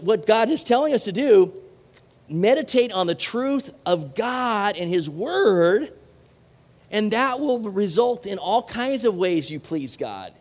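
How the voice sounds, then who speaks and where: High-voiced man preaching in a reverberant hall. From Southern California. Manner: animated preaching with rhetorical questions and asides. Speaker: pastor. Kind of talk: sermon.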